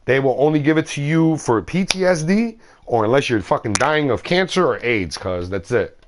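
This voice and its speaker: A man's voice: medium pitch, lively intonation, moderate pace, slight background noise. A man streaming a game, chatting casually in a slangy, rambling way and swearing freely. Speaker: gaming streamer.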